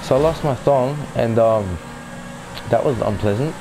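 A man's voice: medium pitch, unhurried, noisy background. A young man telling a rambling, casual storytime for his gaming channel, full of fillers and swearing.

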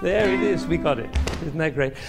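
A man's voice: on the high side, expressive, brisk, creaky, over loud music. Older man coaching, singing out phrases. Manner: sings phrases aloud, coaxing and playful. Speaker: music teacher leading an interpretation class. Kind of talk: masterclass coaching.

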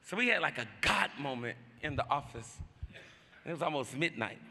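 A male pastor preaching a sermon, urging the congregation to respond out loud and shouting his exhortations. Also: mid-range voice, lively intonation, moderate pace, long reverb tail, a little hiss or hum. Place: church sanctuary.

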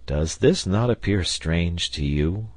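A man reading a calm, deep-voiced engineer captain. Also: no echo, heavily acted. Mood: measured. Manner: measured, deliberate, reasoning. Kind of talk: audiobook character voice.

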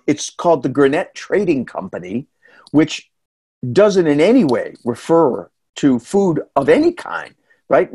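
A middle-aged man with a New England accent telling a folksy, chatty story in a casual talk, full of asides and quick questions to the listener. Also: fairly high pitch, husky. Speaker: storytelling reporter and guest speaker.

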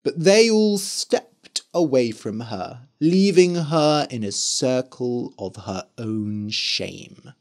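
A man narrating a scripted story for learners, slowly and expressively. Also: medium pitch. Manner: slow, clear and expressive.

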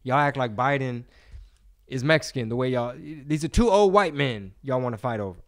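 A man hosting a casual podcast, talking in an animated, profane, slang-heavy way. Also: medium pitch, normal speed. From Texas. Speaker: podcast host.

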